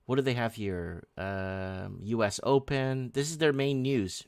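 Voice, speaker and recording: A man's voice: medium pitch, unhurried, clean tone, dry recording, studio quality. A man hosting a casual live stream, rambling and sarcastic, reading headlines and chat messages aloud with many restarts.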